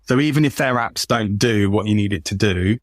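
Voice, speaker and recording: A man's voice: on the low side, normal speed, no room sound. A man, a guest consultant talking casually on a podcast, often repeating words as he goes. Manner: chatty, repeats words and restarts a lot.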